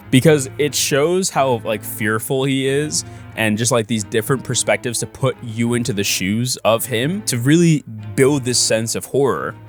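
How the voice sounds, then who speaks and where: A man talks through his comic project in a casual, animated vlog. His pitch rises and falls a lot, and he leans heavily on filler words. Faint music plays underneath. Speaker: comic artist vlogger.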